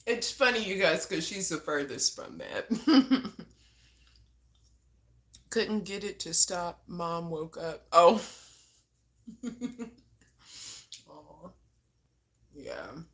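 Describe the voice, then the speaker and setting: A woman's voice: fairly low pitch, big pitch swings, extremely slow, pauses often, fairly bright tone, reverberant. A young woman chatting casually on a live stream, laughing often and swearing freely as she talks to viewers. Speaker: livestreamer. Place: at home.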